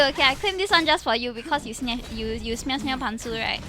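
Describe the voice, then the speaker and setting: Speaking high, fairly quickly and with few pauses, this VTuber has a bright, forceful tone and a slight hiss or hum. She's from Singapore, chatting playfully on stream in Singaporean English, sprinkling Singlish particles and laughing a lot.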